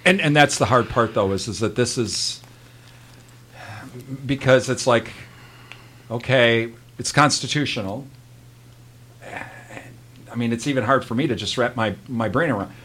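A man's voice: medium pitch, a little slow, long pauses, fairly bright tone. A man hosting a radio interview, asking questions and thinking aloud hesitantly. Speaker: radio host.

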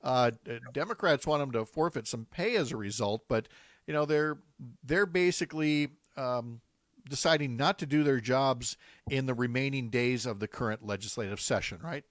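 A man's voice: medium pitch, moderate pace, no room sound, studio quality. A man hosting a political talk show, easygoing and wry, laughing along with his guest. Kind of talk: casual political chat.

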